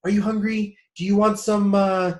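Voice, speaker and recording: A man's voice: high-pitched, flat delivery, normal speed, a little mellow, pitched above the performer's own voice, close to an everyday voice. A man putting on a fussing, worried mother. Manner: anxious, fussing questions. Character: fussing worried mother, middle-aged woman.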